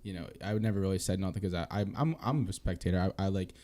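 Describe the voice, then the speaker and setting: Fast-talking young Philly man, deep voice. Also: dark tone. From Philadelphia. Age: 20s. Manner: loose and rambling, heavy fillers, casual swearing. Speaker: podcast host. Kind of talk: casual chat.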